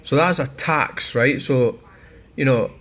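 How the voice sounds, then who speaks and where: A man's voice: medium pitch, slow, fairly bright tone. A Scottish man hosting a vlog, bluntly and swearily reacting to viewer comments. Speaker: channel host.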